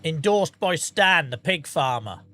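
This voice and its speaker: A man's voice: a little high, lively intonation, measured pace, sharp tone, no echo. Tired man streaming a game. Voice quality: tired, swears casually, rambling anecdotes. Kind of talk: casual livestream chat with viewers.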